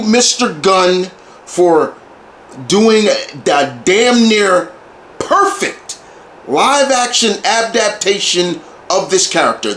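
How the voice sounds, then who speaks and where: Sounding like an excited fan, a high-pitched man talks through a casual movie review monologue for video, repeatedly restarting and doubling back on phrases. His tone is fairly bright, with roomy echo and light background hiss.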